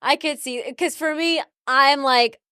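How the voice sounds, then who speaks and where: A woman's voice: high-pitched, measured pace, pushed and bright, no room sound, clean studio sound. A woman chatting playfully and teasingly with her fiancé about their wedding. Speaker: vlog co-host, bride-to-be. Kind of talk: casual chat.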